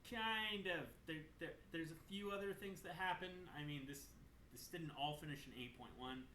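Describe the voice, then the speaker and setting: A young man casually recapping a game's story, animated, joking and swearing freely. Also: fairly high pitch, moderate pace, slight background noise. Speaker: gaming channel host. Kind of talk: casual game lore recap. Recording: roomy echo.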